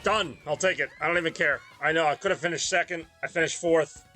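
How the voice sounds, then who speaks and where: A man's voice: fairly high pitch, fast talker, bright, forceful tone, faint music behind. A man from the Northeast US, tired and rambling in casual chat while streaming a racing game. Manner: rambling, self-deprecating, mumbly asides.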